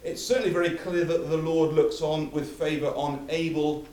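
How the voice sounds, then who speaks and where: A man's voice: a little high, fairly even intonation, moderate pace, a little mellow. A man preaching a sermon, emphatic and building through repeated phrases, recorded from a distance in a church hall. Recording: echoey hall from far off.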